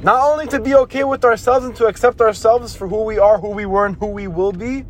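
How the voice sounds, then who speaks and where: This motivational podcast host talks fast in a high, steady-toned voice, with slight background noise. Earnest and repetitive, he keeps restarting and repeating phrases, and voices scolding lines in quotes.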